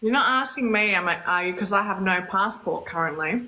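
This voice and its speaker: A woman's voice: mid-range voice, lively intonation, brisk, pushed and bright, a little hiss or hum, rough recording. A woman, chatting casually on a live stream with dry humor. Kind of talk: casual chat.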